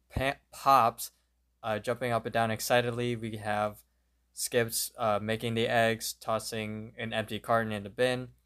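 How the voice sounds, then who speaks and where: A man co-hosting a podcast, retelling a cartoon episode scene by scene in a plain, steady way. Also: lowish voice, clear, resonant tone. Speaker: podcast co-host. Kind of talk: episode recap narration.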